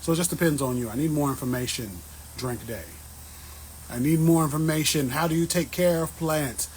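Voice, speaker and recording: A man chatting casually with his viewers on an outdoor patio, answering plant questions in a joking, animated way. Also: fairly high pitch, fairly quick, a little hiss or hum, low-quality recording. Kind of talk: casual livestream chat.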